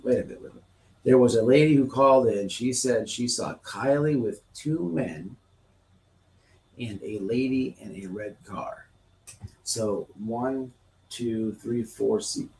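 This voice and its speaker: Animated man livestreaming in an echoey room. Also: mid-range voice, distant mic, slight background noise. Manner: animated, repetitive, acts out scenes. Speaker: livestream host. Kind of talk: casual live-stream talk. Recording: roomy, off-mic sound.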